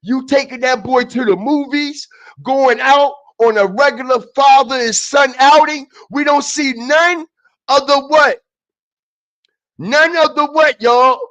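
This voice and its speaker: A man with a very high-pitched voice delivers a profane, confrontational rant to his stream audience. He speaks slowly and deliberately, hammering each point home and repeating it, dropping to low muttering and then rising to shouts. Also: highs cut off. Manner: repetitive, emphatic, often repeats phrases. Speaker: streamer commentator. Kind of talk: heated profane commentary.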